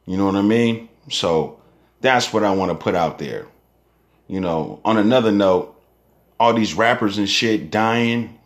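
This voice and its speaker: A man's voice: fairly low pitch, unhurried. A young man, a rapper delivering a heated, profane ranting monologue full of rhetorical questions. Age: young adult.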